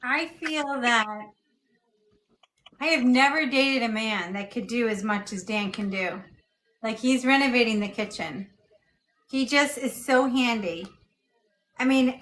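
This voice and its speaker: Gushing woman, slightly high voice. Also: fairly bright tone, rough recording. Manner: gushing, affectionate, piles up adjectives. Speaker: guest. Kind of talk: casual chat.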